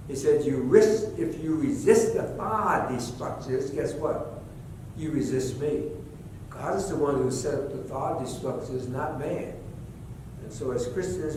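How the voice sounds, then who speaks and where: A fairly high-voiced man preaches a sermon, moving between low, measured teaching and loud, impassioned stretches. He is picked up from some distance in a very echoey church sanctuary with a faint rumble behind him. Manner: preaching, rising to impassioned shouts. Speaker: pastor.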